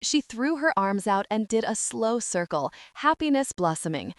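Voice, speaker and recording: A woman's voice: on the high side, sing-song, normal speed, no room sound. Woman narrating a novel, dry close sound. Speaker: audiobook narrator. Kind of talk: scripted narration.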